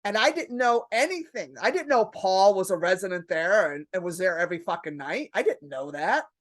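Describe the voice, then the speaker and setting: A middle-aged woman comedian telling stories as a podcast guest, profane and animated, acting out the voices of the people she quotes. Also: mid-range voice, a little fast. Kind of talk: casual storytelling in a podcast interview.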